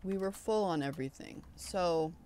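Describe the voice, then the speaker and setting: A woman's voice: on the low side, moderate pace, background noise. A young woman streaming a video game, talking casually and swearing at it when frustrated. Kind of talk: casual gameplay commentary.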